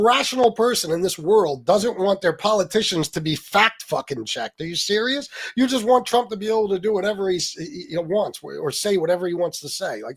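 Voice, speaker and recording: A man's voice: sits high, very animated, brisk, slightly rough. Profane, ranting man streaming politics. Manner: angry, profane, sarcastic, talks to chat. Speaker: political livestream host. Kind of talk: ranting livestream commentary. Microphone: streaming mic.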